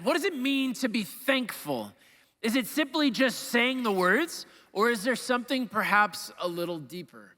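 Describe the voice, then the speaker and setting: A man's voice: very high-pitched, animated, moderate pace, sharp tone. A young man, a priest, preaching a sermon in a conversational storytelling manner and acting out the lines he quotes. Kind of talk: sermon with personal stories. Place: church. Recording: church with long reverb.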